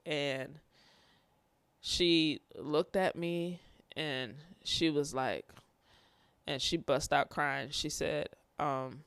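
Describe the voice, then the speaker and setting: A man speaking haltingly, fighting back tears as he talks about his grief. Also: on the high side, fairly even intonation, fairly bright tone, smooth, no room sound. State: tearful. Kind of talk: personal testimony on grief.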